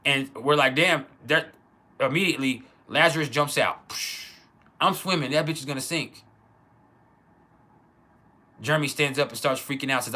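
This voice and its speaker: A man telling a personal childhood story in a casual, halting way, with many restarts. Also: mid-range voice, bright, forceful tone. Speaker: channel host.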